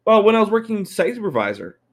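A man's voice: sits high, big pitch swings, fast talker. A man in casual chat over a video call, joking and poking fun at himself.

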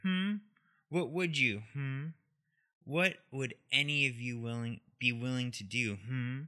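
A man voicing a mysterious witch woman, drawing out teasing questions loudly. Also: mid-range voice, smooth. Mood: beckoning. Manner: drawn-out teasing questions, loud.

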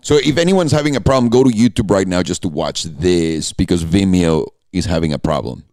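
A man's voice: sits low, brisk, dry recording, clean studio sound. A man hosting a live podcast, chatting casually and joking with a lot of swearing while reading out viewer questions. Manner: animated, profane, jokey, reads chat questions aloud. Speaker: podcast host.

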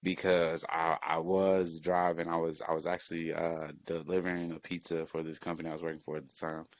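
A man with a very deep, gravelly voice tells a story in loose podcast chat. He swears and restarts often, and the recording sounds a little muffled. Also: brisk, no echo. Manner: animated, profane, many fillers and restarts.

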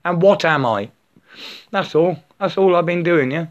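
Stammering man with a dull lo-fi sound. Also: on the high side. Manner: stammering, repeats words, breaks into slow sung nonsense syllables. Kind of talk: rambling spiritual monologue with chanted glossolalia. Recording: slightly dull lo-fi recording.

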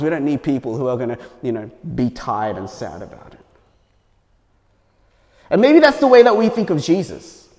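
Male pastor, chatty sermon, higher voice, hall echo. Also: a little mellow. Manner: conversational, frequent "right?" tags.

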